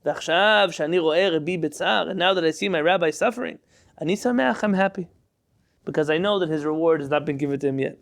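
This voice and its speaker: Male Torah teacher, high and gravelly, reads Hebrew and translates briskly while quizzing the class. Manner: reads Hebrew text aloud and translates line by line into English; quizzes students with questions.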